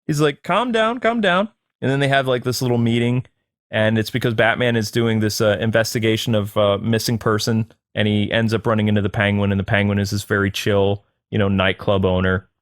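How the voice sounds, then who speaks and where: A man's voice: fairly quick, no echo. Dry, chatty male movie reviewer. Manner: rambling, many fillers, excited pitch jumps. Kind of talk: casual spoken review.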